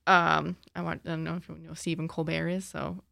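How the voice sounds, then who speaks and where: A woman's voice: low-pitched, level tone, a little fast, creaky, sharp tone, dry recording, clean studio sound. A woman recommending books on a podcast, chatty and giggly with plenty of fillers. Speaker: librarian guest. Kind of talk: casual book recommendations.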